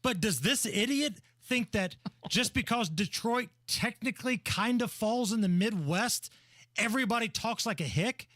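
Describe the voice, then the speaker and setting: A man's voice: high voice, animated, moderate pace, fairly bright tone, dry recording, studio quality. A man hosting a talk radio show, brash, mocking and blunt. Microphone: studio microphone.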